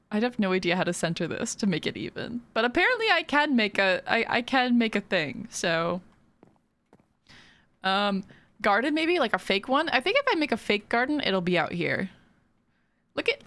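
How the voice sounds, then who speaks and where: Her tone fairly bright and her pitch medium, this streamer chats and giggles her way through a video game, addressing her viewers in a relaxed, talkative manner.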